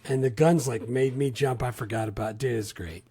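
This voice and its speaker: Husky-voiced man in enthusiastic chat. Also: brisk. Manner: enthusiastic, often trails off low and quiet. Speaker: podcast co-host. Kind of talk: casual movie chat.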